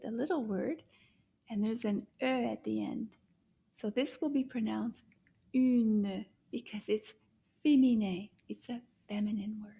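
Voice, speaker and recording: Woman as children's teacher: slow, drawn-out, animated delivery, mellow and breathy. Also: a little high. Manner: animated, gasps and whispers to a puppet. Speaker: French teacher. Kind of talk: children's language lesson.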